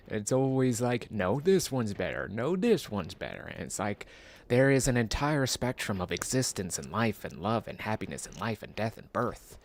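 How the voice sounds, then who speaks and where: A man streaming a game, musing in a casual, rambling way with self-mocking asides. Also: fairly low pitch. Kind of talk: casual rambling gameplay commentary.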